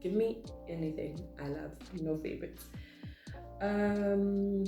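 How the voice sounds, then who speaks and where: Speaking slowly with a creaky, dark, medium-pitched voice, a chatty woman from South Africa rambles through a casual Q&A meant to let viewers get to know her. She's a vlogger who speaks Zulu as her first language and reads the questions out before responding. Faint music plays in the echoey room.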